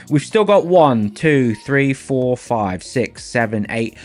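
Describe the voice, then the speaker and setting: A man in his thirties with a Philadelphia American accent, hosting a livestream and chatting casually with viewers in a relaxed, rambling way full of fillers. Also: on the high side, measured pace, few pauses, soft background music. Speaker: livestream host.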